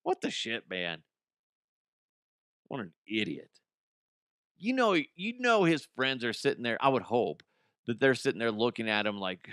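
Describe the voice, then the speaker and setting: A man's voice: medium pitch, big pitch swings, unhurried, pauses often, sharp tone, dry recording, studio quality. A man hosting a comedy podcast, ranting animatedly with profanity and laughing at his own jokes. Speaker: podcast host.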